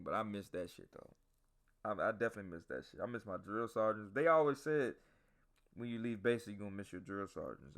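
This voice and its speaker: A man's voice: mid-range voice, sharp tone. A man hosting a podcast, telling stories casually and profanely, talking straight to his listeners. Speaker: podcast host. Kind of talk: casual storytelling.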